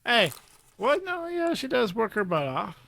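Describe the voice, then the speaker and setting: A man co-hosting a casual book discussion podcast, retelling the story in a quick, joking way. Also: very high-pitched, huge pitch swings, vocal fry, fairly bright tone. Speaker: podcast co-host.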